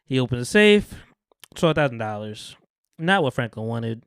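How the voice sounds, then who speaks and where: A man's voice: medium pitch, big pitch swings, normal speed, smooth, no echo, studio quality. A man hosting a podcast, animatedly retelling a TV episode, swearing freely and laughing often. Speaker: podcast host. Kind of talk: casual chat, retelling a TV episode.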